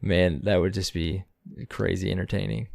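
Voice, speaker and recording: Lower-voiced male co-host, animated and laugh-prone, dry mic. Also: moderate pace, creaky, no room sound. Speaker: podcast co-host. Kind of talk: casual gaming podcast chat.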